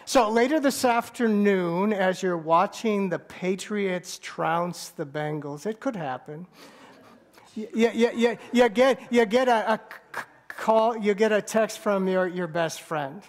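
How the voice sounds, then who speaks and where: A man preaching a sermon as pastor, bantering with the congregation and telling a story with halting restarts. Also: sits high. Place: church sanctuary.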